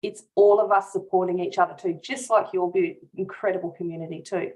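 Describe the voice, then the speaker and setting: A woman business coach chats warmly in an interview, speaking earnestly and from the heart. She often breaks into small laughs and restarts her sentences as she talks. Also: fairly low pitch, steady tone, brisk, poor audio. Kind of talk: casual interview chat.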